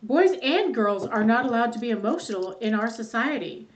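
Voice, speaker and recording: A woman's voice: a little high, animated, normal speed, rough recording. A middle-aged woman talking as a therapist guest in a casual podcast chat, candid, swearing freely and laughing easily.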